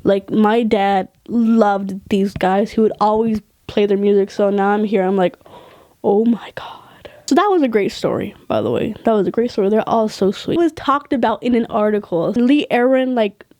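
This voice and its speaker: Woman, casual storytelling vlog, animated, profane, laughs as she talks, dry close sound. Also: mid-range voice, moderate pace, hardly any pauses, dry recording. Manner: animated, swearing freely, laughing mid-sentence. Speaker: vlogger.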